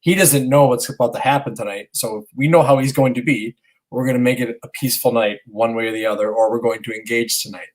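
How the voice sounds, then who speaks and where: A man in his mid-thirties co-hosts a casual podcast, spinning a long, animated story full of restarts and casual curses. His voice sits at an ordinary middle pitch, and his delivery is loose and conversational. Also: fast, poor audio. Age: 30s. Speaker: podcast co-host.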